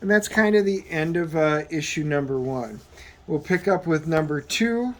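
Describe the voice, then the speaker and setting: A man giving a casual comic book review as he flips through the pages, rambling and halting with plenty of filler words. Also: a little high, lively intonation. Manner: rambling, halting, full of um and you know.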